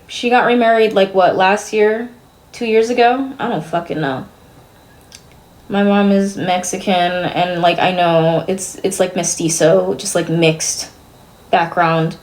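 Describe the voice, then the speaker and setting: A woman's voice: mid-range voice, unhurried. A young woman streamer venting to her chat, exasperated and swearing as she rambles.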